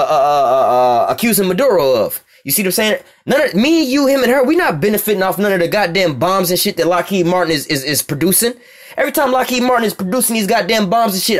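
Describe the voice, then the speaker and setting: A man's voice: high-pitched, sing-song, fast talker. An American man preaching, reading scripture aloud and commenting on it in blunt, profane street talk, often checking that listeners follow him. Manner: profane, blunt, keeps asking "you see what I'm saying".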